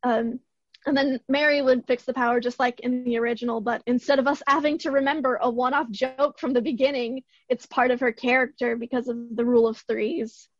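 Young woman, hoarse, high-ish, chatty podcast co-host; dull dry lo-fi sound. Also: fairly even intonation, a little fast, no echo. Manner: rambling, enthusiastic retelling. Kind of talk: casual chat.

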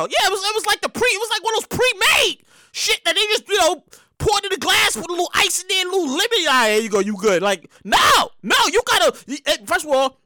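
A woman hosting a show, telling a profane, animated story in a rant that keeps bursting into shouts. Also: extremely high pitch, fast, no room sound, studio quality. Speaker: show host.

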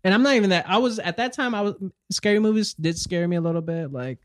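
A young man co-hosting a podcast, telling a story in a rambling, animated way full of fillers. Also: sits high, quick pace, no room sound, studio quality. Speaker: podcast co-host. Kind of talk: casual storytelling chat.

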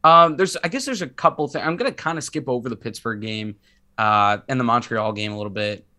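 A man's voice: mid-range voice, fairly quick, pushed and bright. A man who is sick, co-hosting a sports podcast in casual chat, rambling and self-mocking with many restarts. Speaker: podcast co-host.

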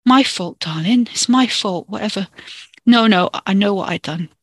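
A man's voice: high voice, normal speed, a bit bright, no room sound. Narrator doing a desperate pleading young man. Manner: pleading, voice breaking.

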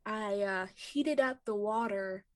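A woman's voice: medium pitch, slow, no echo. A woman co-hosting a podcast in casual chat, rambling with fillers. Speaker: podcast co-host.

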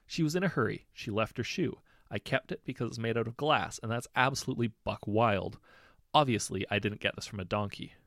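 A man voicing a flamboyant, self-pitying prince in his twenties, theatrical and loud. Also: fairly low pitch, brisk, no echo, clean studio sound. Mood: melodramatic. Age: 20s. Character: flamboyant, whiny young prince, melodramatic.

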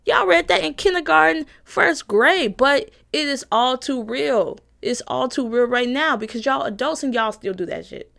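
Emphatic young woman ranting, fairly high voice. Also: creaky, a bit bright. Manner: emphatic, repetitive, profane, laughs mid-sentence. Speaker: vlogger. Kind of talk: opinion rant to camera.

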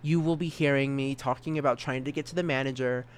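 A man's voice: fast, a little hiss or hum. A man in his twenties hosting a solo podcast, rambling in a self-mocking way and often stumbling over and repeating words. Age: 20s. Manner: animated jumps in pitch and volume. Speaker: podcast host.

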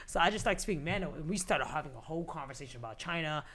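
A woman from New City, a podcast guest telling a story in slangy, profane, animated talk full of quoted dialogue. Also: sits low, rapid-fire. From New York City.

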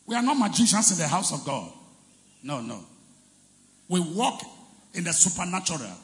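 A man preaching a sermon as pastor, leading the congregation in call-and-response and shouting and chanting his key phrases. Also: sits high, very animated, moderate pace, long reverb tail. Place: large church hall.

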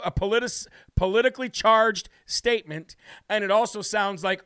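A man's voice: high-pitched, moderate pace, sharp tone, smooth, no echo. An American man hosting a political talk show, brashly ranting and heatedly mocking officials with opinionated commentary.

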